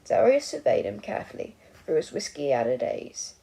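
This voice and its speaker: A woman narrating a fan fiction story aloud in an expressive audiobook style. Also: medium pitch, normal speed, creaky, slightly rough, low-quality recording. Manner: expressive, voices each character.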